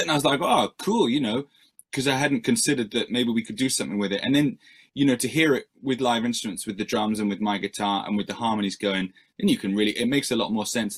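A man's voice: fairly low pitch, steady tone, fast talker. A male musician answering interview questions in a rambling, self-deprecating way, with many fillers and restarts.

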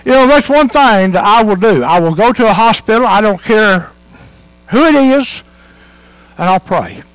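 A man's voice: high-pitched, lively intonation, moderate pace, a bit bright, clean tone, no echo, low-quality recording. A man preaching a sermon in a church, earnest and emphatic, repeating his points and telling stories.

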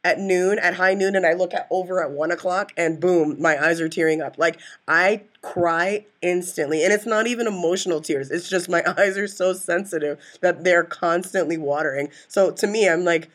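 Lower-voiced woman, rambling and teasing. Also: moderate pace, hardly any pauses. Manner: rambling, laughs often, teasing. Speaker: podcast co-host. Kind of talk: casual chat.

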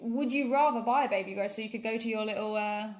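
A woman in casual podcast chat, blunt and teasing as she prods her co-host. Her voice sits a little higher than most women's. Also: quick pace. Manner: blunt, teasing, laughs often.

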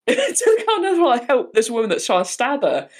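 A young woman in casual chat, retelling a film with lively quoted voices and frequent laughter. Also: high-pitched, measured pace.

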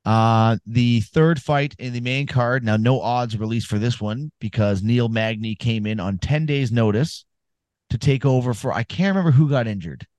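A man chatting casually about fights on a podcast, swearing freely and wandering off into long stories. His pitch sits in the middle for a man, and the sound is dry with no room around it. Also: normal speed, a little mellow, no echo. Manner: profane, rambling storyteller. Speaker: podcast co-host. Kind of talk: casual sports chat.

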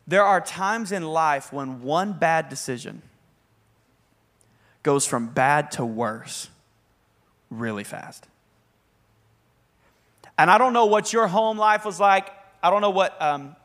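A young man preaching a sermon as a pastor, conversational and energetic with bursts of emphasis. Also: fairly high pitch, takes it slowly, long pauses.

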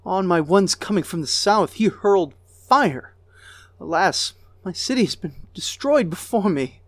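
A man voicing a grieving goddess queen who mourns her ruined city in a high, keening lament. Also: lively intonation, a little slow, no echo, full character voice.

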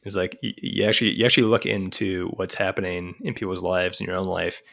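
A man talking as a guest on a podcast in casual conversation, animated and quick to mimic other voices. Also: low-pitched, gravelly.

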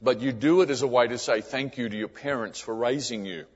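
A man's voice: medium pitch, brisk, husky. A man preaching a sermon as a missionary, telling a personal story in an earnest way. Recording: echoey hall, dull lo-fi sound.

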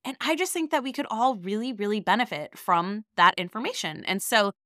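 A woman's voice: mid-range voice, lively intonation, a little fast, pushed and bright, no echo, clean studio sound. A woman in her thirties hosting her podcast, sounding a bit nasal from a cold, talking with eager, earnest enthusiasm. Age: 30s. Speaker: podcast host. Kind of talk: casual podcast talk.

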